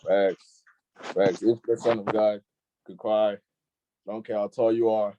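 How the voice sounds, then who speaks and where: Brief: young male youth-group host, low mellow voice, laid-back, keeps saying "facts.". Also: level tone, a little slow, dull audio, a little hiss or hum. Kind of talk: casual online group discussion.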